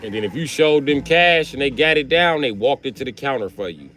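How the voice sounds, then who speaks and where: Animated, profane storytelling man. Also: mid-range voice, a little fast, faint music behind. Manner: animated, acts out voices. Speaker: livestream host.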